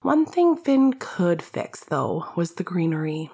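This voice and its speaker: A woman's voice: fairly low pitch, very animated, slow pace, gravelly, warm tone, husky. A woman narrating a fan fiction story in a wry, casual way, swearing freely. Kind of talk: fan fiction audiobook reading.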